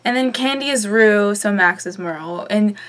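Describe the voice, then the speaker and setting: A woman's voice: mid-range voice, moderate pace. A young woman vlogger chatting casually through a recap, with lots of ums and offhand swearing.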